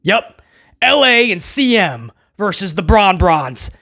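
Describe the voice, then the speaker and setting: A man's voice: high-pitched, sing-song, slow pace, bright, forceful tone. A man hosting a casual wrestling review, talking sarcastically and rambling with stammered restarts. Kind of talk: casual video review rant.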